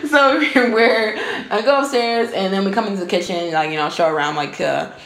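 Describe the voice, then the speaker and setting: Animated young woman telling a story. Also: normal speed. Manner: animated, laughs often, acts out quotes in a higher voice. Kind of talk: casual storytelling chat. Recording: echoey room.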